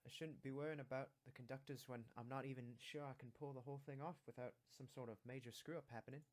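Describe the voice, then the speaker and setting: A man's voice: medium pitch, fairly even intonation, quick pace, close to an everyday voice. A man voicing an anxious young woman in a story game with a put-on Scottish accent. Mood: worried.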